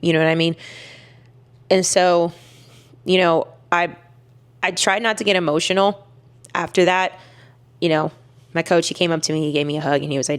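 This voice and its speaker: A woman's voice: fairly low pitch, fairly even intonation, normal speed, pauses often, clear, resonant tone. A young woman telling a personal story to camera in a candid, emphatic way, with many fillers and restarts. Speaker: weightlifter vlogger.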